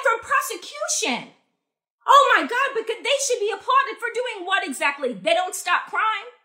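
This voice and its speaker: A woman's voice: extremely high pitch, bright, forceful tone. A young adult woman from the United States delivering an angry, profane, sarcastic political rant with heavy emphasis. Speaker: political commentator.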